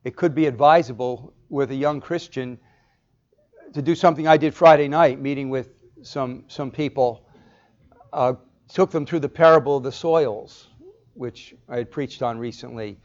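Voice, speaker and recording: A man's voice: medium pitch, moderate pace, lo-fi sound. A male pastor delivering an expository sermon, explaining step by step and putting rhetorical questions to the congregation.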